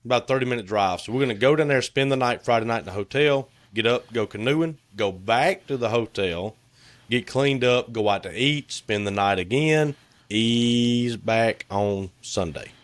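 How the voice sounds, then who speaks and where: A man's voice: mid-range voice, normal speed, no echo. A middle-aged man, chatting casually on a podcast in a laid-back, folksy way. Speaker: podcast co-host; cabinet maker. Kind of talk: casual chat.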